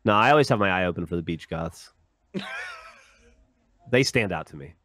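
A man's voice: low-pitched, animated, normal speed, a bit bright, dry recording, clean studio sound. A man co-hosting a podcast, giving jokey, teasing running commentary in casual chat. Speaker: podcast co-host. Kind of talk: casual chat, commenting on a live video feed.

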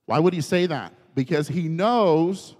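A man's voice: on the high side, unhurried. Man preaching with dynamic swells. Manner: dynamic, swinging from soft hushed lines to raised fervent ones. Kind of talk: sermon. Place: church sanctuary. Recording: church hall with long reverb.

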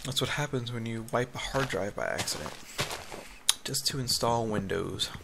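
A gaming YouTuber casually narrates his Minecraft play on his home computer, rambling, yawning, and muttering to himself through a headset mic. His gravelly mid-range voice has lively intonation, a measured pace, and long pauses. The home recording is noisy, with keyboard typing and clicks in the background.

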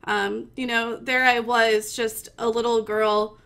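A woman's voice: fairly high pitch, flat delivery, slow pace, gravelly, fairly bright tone. A young woman streamer from Missouri giving a gushing, giggly mock acceptance speech, pretending to hold back tears.

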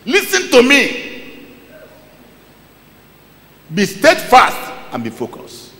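A man preaches with theatrical swings between loud cries and low asides, his pitch leaping all over. His voice is bright and forceful. The recording carries the long echo of a church hall. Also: huge pitch swings, very slow. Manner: preaching with call-and-response to a Bible reader. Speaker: pastor. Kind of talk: sermon.

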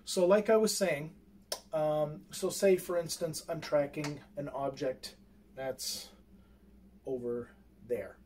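Recorded on a distant mic with faint background noise, a man walks through his own telescope gear in an unscripted how-to. His voice is on the high side, fairly even and slow with a darkish tone, and he rambles hesitantly, full of fillers and restarts while handling the equipment.

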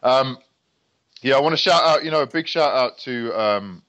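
Guest: young British man, animated storyteller, lo-fi muffled audio. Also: mid-range voice, moderate pace. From Britain. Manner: lively storyteller who acts out quoted lines. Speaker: guest fighter. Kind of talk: casual podcast interview. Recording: dull lo-fi sound.

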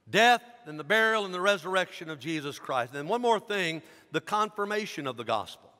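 A pastor preaching with animated, dramatic storytelling in a large church sanctuary. His voice sits high and rings bright and sharp. A long hall reverb follows each phrase. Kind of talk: sermon.

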